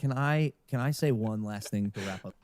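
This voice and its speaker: A man speaking hesitantly on a stream, pausing often with fillers as he reads out his thoughts. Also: lowish voice, a little mellow, dry recording, studio quality. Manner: halting, hesitant, many fillers. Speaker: stream guest.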